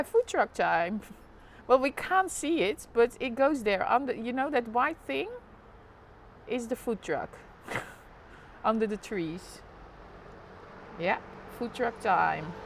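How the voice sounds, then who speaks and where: A woman's voice: fairly high pitch, slight background noise. A woman with a Dutch accent chatting casually on a live stream, narrating the street below her apartment window. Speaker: live vlogger.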